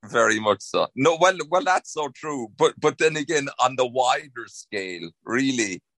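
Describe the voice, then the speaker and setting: A man's voice: mid-range voice, lively intonation, moderate pace, fairly bright tone, no room sound. An Irish man, an actor, chatting in an interview, rambling with many restarts. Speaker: actor, guest. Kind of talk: casual interview chat.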